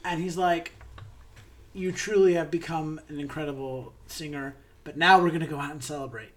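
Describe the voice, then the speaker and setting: A woman's voice: low-pitched, steady tone, moderate pace. A woman co-hosting a casual chat, animatedly retelling a musical's plot and acting out the characters' lines. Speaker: podcast co-host.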